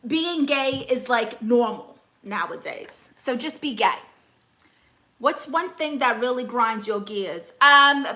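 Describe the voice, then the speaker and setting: A woman's voice: high-pitched, sharp tone. A young woman comedian hosting a live stream, reading comments and handing out blunt, sassy advice.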